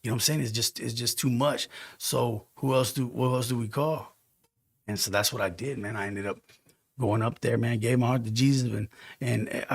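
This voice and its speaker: Gravelly man telling an earnest testimony. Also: medium pitch, moderate pace, no room sound, clean studio sound. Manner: earnest, heartfelt testimony with street slang. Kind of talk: casual storytelling.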